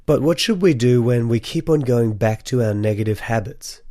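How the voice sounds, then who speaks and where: Guy hosting his podcast solo, a bit sick from a cold, warm mellow tone, dry close sound, earnest and encouraging. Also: mid-range voice, moderate pace, dry recording. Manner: earnest, encouraging, speaks directly to listeners. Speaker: podcast host.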